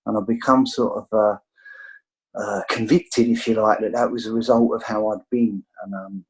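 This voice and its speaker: A man's voice: on the low side, fairly even intonation, normal speed, low-quality recording. A middle-aged English man with an English accent, telling his recovery story over a video call in a rambling, candid way full of fillers. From England. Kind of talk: casual storytelling.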